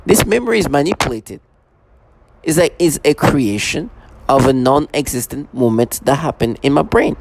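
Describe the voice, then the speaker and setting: Gravelly man rambling in a halting monologue. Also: medium pitch, lively intonation. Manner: halting, many restarts and repeated fillers. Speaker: vlogger.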